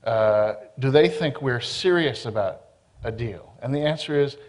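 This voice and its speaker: Male panelist, mid-pitched, explanatory lecturing style. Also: animated, measured pace. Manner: explanatory, lecturing tone with tag questions. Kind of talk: panel discussion.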